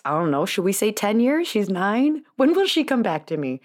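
A woman's voice: medium pitch, sing-song, normal speed, few pauses, darkish tone. A woman in her thirties hosting a podcast, telling a rambling personal story in a chatty, self-deprecating way and laughing often. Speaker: podcast host, chiropractor. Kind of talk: casual storytelling monologue.

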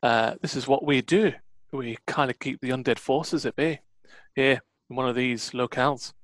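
A game master putting on a gruff warden of a frozen mountain outpost, speaking in a broad, put-on Scottish accent. The talk is brusque and teasing in a tabletop game, with a middling pitch and a dry, close sound. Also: normal speed, dry recording, lightly acted. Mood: blunt. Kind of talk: tabletop role-play narration.

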